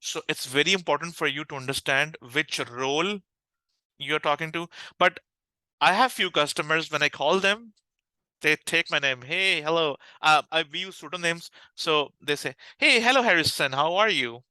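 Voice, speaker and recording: Bright, crisp man with a Pakistani accent. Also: fairly high pitch, normal speed, dry recording, poor audio. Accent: Pakistani English. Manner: energetic, frequent restarts and fillers. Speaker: customer success manager, podcast guest. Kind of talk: conversational interview answers.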